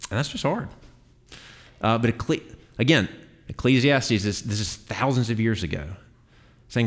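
A man's voice: mid-range voice, animated, moderate pace, pauses often. A man teaching a Bible class to a group in a classroom, talking casually with filler words and restarts.

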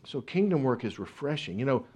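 Man, pastor, sermon, earnest, rhetorical questions, mid-pitched voice. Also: big pitch swings, a little fast, a little mellow, slightly rough.

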